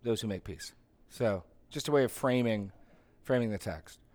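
A man's voice: lowish voice, normal speed, darkish tone. A middle-aged man leading a Bible study as its pastor, conversational and full of restarts and asides while teaching a group.

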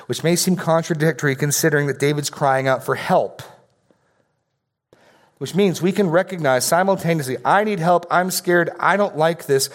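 A middle-aged male pastor preaching a sermon in a conversational way, often repeating words as he starts a phrase. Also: medium pitch.

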